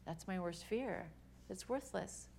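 A woman, a Christian singer-songwriter, speaking to women in a chatty, animated testimony talk full of fillers and self-deprecating humor. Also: mid-range voice, slow pace, gravelly, a little hiss or hum.

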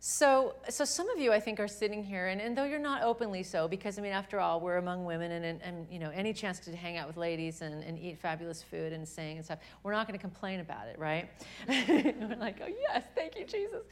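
A young adult woman giving an earnest, animated faith talk to a live audience at a women's gathering, often restarting her sentences. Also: fairly low pitch, fast talker.

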